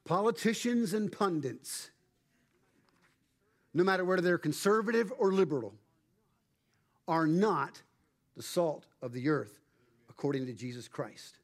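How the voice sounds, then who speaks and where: A male pastor delivers a sermon in a slightly higher than usual voice. He preaches emphatically, slowing down and pausing for weight on key phrases. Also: animated. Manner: emphatic, measured preaching with dramatic pauses.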